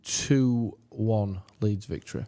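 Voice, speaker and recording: A man's voice: lowish voice, takes it slowly, mellow. A man, hosting a podcast in a jokey, rambling way with frequent laughter and reading ads casually. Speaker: podcast host. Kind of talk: casual football chat and ad read.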